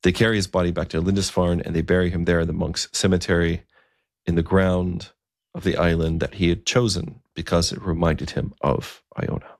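A man narrating a story in a relaxed, conversational way with occasional fillers. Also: low voice, a little fast, vocal fry, no echo, studio quality.

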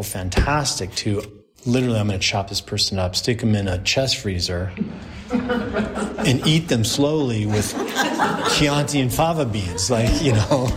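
A man in his forties, a priest, telling a story to a group in a chatty way, laughing often and restarting his sentences. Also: medium pitch.

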